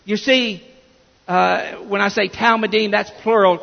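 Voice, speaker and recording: Male pastor, high gravelly voice, slow emphatic preaching, dull echoing church recording. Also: steady tone. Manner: emphatic preaching with repeated restarts. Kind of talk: sermon.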